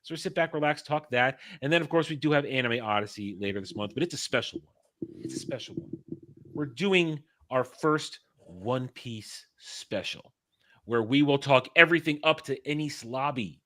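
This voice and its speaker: A regular on a live-stream chat, announcing upcoming shows with relaxed teasing and the odd swear. His voice is bright and mid-pitched. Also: normal speed.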